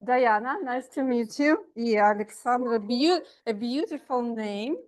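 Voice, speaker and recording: A woman's voice: fairly high pitch, a little slow, a little mellow, low-quality recording. A woman with a Russian accent hosting impromptu questions at a speaking club, upbeat with many fillers and laughs. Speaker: table topics master at a speaking club meeting. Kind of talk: live club meeting hosting.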